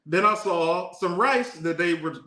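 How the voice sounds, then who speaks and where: A man co-hosting a casual podcast, defending himself with playful, animated stories. His voice sits high for a man and sounds bright. The room carries a noticeable echo. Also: unhurried. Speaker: podcast co-host. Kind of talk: casual couple banter. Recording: echoey room.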